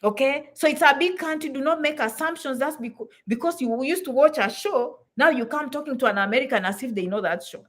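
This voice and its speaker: A woman's voice: high-pitched, a little fast, hardly any pauses. A woman from Africa, giving blunt, emphatic advice to immigrants and repeating points for stress. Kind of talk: direct-to-camera advice talk.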